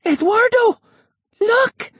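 A man voicing a loud, whiny six-year-old girl in an audiobook. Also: expressive, takes it slowly, dry recording, exaggerated voice. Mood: startled. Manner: shrill, whiny and demanding. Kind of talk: audiobook character voice.

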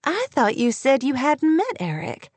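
A woman voicing an eager, gossipy young woman friend with a lifted, animated pitch. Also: measured pace, no room sound. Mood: puzzled.

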